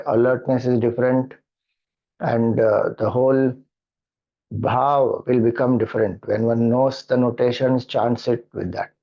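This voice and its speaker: A middle-aged man with an Indian English accent, a spiritual teacher patiently explaining mantra chanting and chanting slowly. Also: medium pitch. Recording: dull lo-fi audio.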